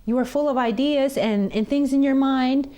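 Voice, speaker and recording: A woman's voice: sits high, moderate pace. Teacherly woman with a raised voice. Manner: gentle, teacherly, acts out story voices. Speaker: nun teacher and host. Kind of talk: children's TV chat and storytelling.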